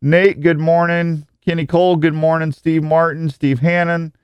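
Chatty, clear-voiced male show host. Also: on the high side, flat delivery, normal speed, no echo, lo-fi sound. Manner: jokey, rambling, often stumbles over words. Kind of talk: live talk show with listener shout-outs.

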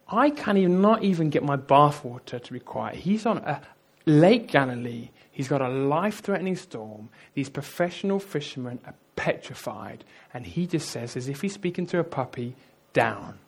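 Animated storytelling male preacher. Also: a little high, normal speed, breathy edge. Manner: lively storytelling, addresses the audience directly. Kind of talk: sermon.

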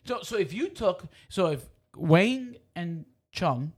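A man's voice: sits high, sing-song, slow, breathy edge. A man bantering playfully in a casual comedic chat, riffing on a running joke.

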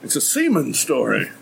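A man's voice: medium pitch, fairly bright tone, slight background noise, low-quality recording. A man co-hosting a podcast, telling gross-out stories in casual chat with plenty of laughter. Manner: laughing storyteller, graphic and joking. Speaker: podcast co-host.

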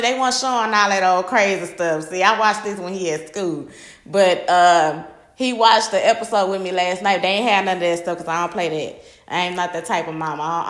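A woman's voice: mid-range voice, fairly bright tone, roomy sound. A woman hosting her own podcast in casual solo chat, talking bluntly with lots of profanity, rambling and restarting her sentences. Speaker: podcast host.

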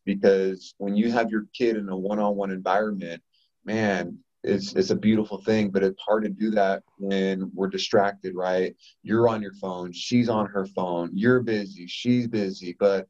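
A man's voice: on the low side, steady tone, moderate pace, darkish tone. A man, a podcast guest, telling a story casually and animatedly, acting out the quotes. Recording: dull lo-fi audio.

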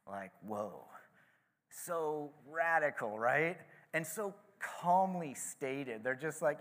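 A man preaching a sermon in a slightly high voice, chatting through the story with casual asides. His tone stays conversational and relaxed. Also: takes it slowly. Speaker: pastor.

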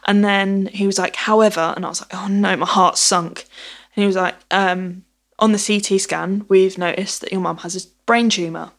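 In a chatty personal story, a woman performs the dialogue as she goes, leaning on "I was like." Her mid-range voice holds a steady tone at normal speed.

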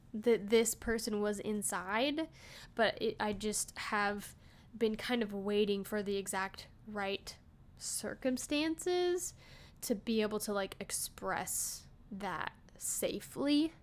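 A woman in her thirties hosting her own podcast, chatting casually and rambling, filling her sentences with "like" and starting over mid-thought. Her voice is smooth and clear, pitched in an ordinary middle range for a woman. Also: takes it slowly. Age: 30s. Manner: rambling, heavy use of "like", frequent restarts. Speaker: podcast host. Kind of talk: casual solo podcast chat.

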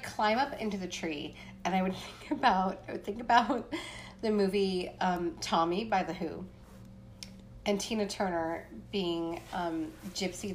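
Animated woman telling a story. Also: medium pitch, a little hiss or hum. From Appalachian Pennsylvania. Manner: animated, frequent "like" fillers, acts out voices. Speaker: podcast co-host. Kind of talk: casual storytelling chat.

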